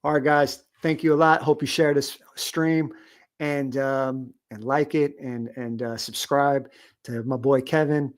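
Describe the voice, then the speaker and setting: A man's voice: medium pitch, steady tone, a little slow. A man hosting a live-stream interview, talking in a casual, friendly way. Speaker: host.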